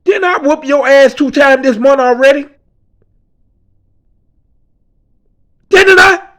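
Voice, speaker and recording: A man voicing a menacing male gang enforcer who shouts cursing threats. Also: very high voice, moderate pace, voice pushed up.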